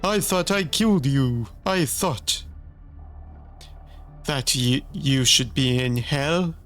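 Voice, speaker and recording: A man's voice: mid-range voice, takes it slowly, a bit bright, soft background music. A man voicing a panicked older male bishop who pleads and screams for his life. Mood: disbelieving.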